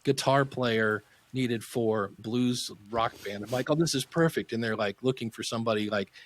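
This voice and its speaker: A man's voice: medium pitch, normal speed, slight background noise. A man in his fifties telling stories as a podcast guest, acting out the voices of people in them. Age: 50s. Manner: animated storyteller acting out quoted voices. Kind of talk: casual interview storytelling.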